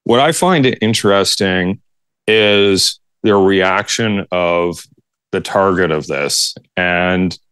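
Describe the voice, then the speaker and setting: A man, a political commentator, weighing his points in a measured, analytical way on a podcast panel. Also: sits low, a bit bright, smooth, dry recording.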